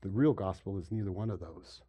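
A pastor giving a sermon, moving from quiet stretches to loud, emphatic preaching and asking his congregation questions. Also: sits low, a little fast, slightly rough. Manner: asks the audience questions. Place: room with a congregation.

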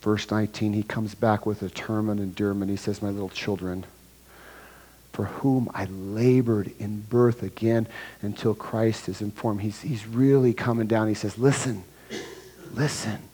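A man's voice: on the low side, fairly even intonation, moderate pace, mellow, slightly rough. Man preaching in a reverberant church. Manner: expository preaching, acts out quoted dialogue. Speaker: pastor. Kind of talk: sermon. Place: church sanctuary. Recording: long hall reverb.

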